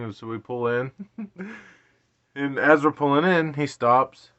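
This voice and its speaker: A man's voice: medium pitch, steady tone, measured pace, fairly bright tone. Late-30s man, self-deprecating storyteller with frequent laughter; dull lo-fi recording. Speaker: vlogger. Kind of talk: casual storytelling.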